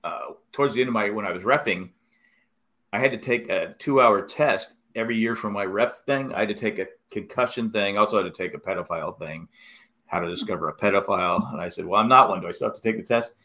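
A middle-aged man in casual chat, telling rambling, animated stories with many restarts. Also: on the low side, quick pace.

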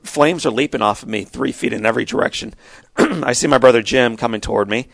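A man's voice: mid-range voice, brisk, vocal fry, no echo. A middle-aged man, a podcast guest, telling a personal story with earnest, emphatic storytelling. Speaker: guest speaker.

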